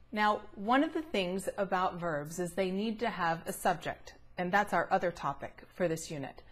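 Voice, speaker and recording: A middle-aged woman gives a recorded grammar lesson, with a voice in a middle pitch range. She explains each step patiently and clearly, slowing to draw out the words she wants to stress. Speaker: grammar teacher.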